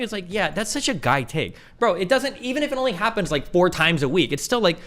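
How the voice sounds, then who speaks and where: A man in his thirties rants to his livestream chat in a quick, heated flood of words. His voice sits a touch high and swings widely in pitch as he mocks people in silly voices. He is blunt and profane throughout. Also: big pitch swings, fairly bright tone. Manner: mocking put-on voices when quoting others. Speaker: streamer.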